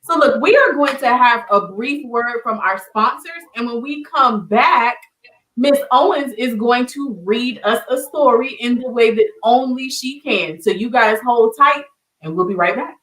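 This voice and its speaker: A woman's voice: fairly high pitch, a little slow, a bit bright. A woman hosting an educational show, talking casually and encouragingly to the audience. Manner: encouraging, with fillers and restarts. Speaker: show host. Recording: echoey room.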